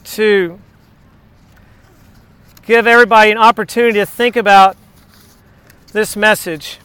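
A man's voice: high-pitched, steady tone, measured pace, sharp tone, clear, resonant tone, no echo. A man preaching a sermon in a conversational way, telling stories and asking rhetorical questions. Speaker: pastor.

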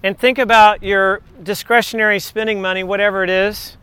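A man's voice: high voice, flat delivery, a little fast, sharp tone, smooth, no room sound. A man preaching a sermon in a conversational way, telling stories and asking rhetorical questions. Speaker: pastor.

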